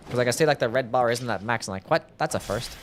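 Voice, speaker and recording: A man's voice: mid-range voice, fast talker, faint music behind. Laid-back young man streaming games. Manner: laid-back, musing, answers chat questions. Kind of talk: casual live-stream gameplay commentary.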